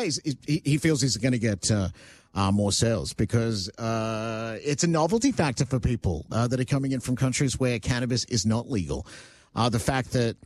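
A male talk radio host chatting casually, teasing callers and ranting wryly. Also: medium pitch. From Canada. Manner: wry, teasing, ranting asides.

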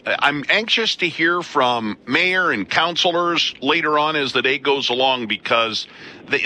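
A man's voice: fairly high pitch, pushed and bright. A man hosting a call-in radio talk show from a studio, chatting and thinking aloud. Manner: conversational, thinks aloud with restarts. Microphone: studio mic.

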